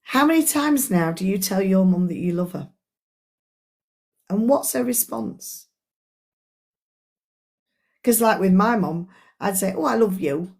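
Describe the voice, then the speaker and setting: Lady coach chatting thru a book club live, earnest, talks right at you, middle-aged, normal pitch. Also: lively intonation, slow pace, pauses often, darkish tone. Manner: earnest, chatty, speaks straight to her audience. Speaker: life coach.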